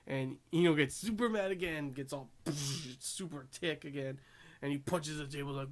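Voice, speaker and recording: A man with a slightly higher voice than most talks through an anime episode in a loose, rambling way. He laughs often and keeps stacking fillers and restarts as he goes. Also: normal speed. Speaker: anime reviewer. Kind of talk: casual episode recap.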